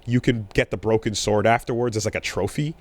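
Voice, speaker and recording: A man co-hosting a podcast in casual chat, talking in a rambling, animated way with many fillers and restarts. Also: on the low side, a little fast. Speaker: podcast co-host.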